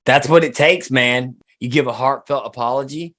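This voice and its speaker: A man's voice: medium pitch, moderate pace, a bit bright. A man co-hosting a podcast, speaking bluntly and crudely in casual banter. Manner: blunt, crude, laid-back. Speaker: podcast co-host.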